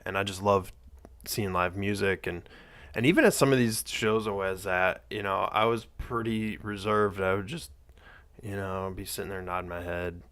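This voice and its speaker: A male host commenting on a played clip in a casual, reflective way with soft-spoken asides. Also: low voice, steady tone, normal speed.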